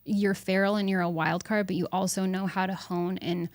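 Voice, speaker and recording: A young adult woman hosting a solo podcast, talking candidly and bluntly with some swearing, pausing and restarting as she reflects. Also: medium pitch, fairly even intonation, dry recording. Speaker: podcast host.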